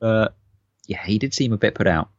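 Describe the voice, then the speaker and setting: Low-voiced man, jokey podcast chat. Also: expressive, brisk, no echo, highs cut off. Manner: jokey, laughs often. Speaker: podcast co-host. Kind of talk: casual chat.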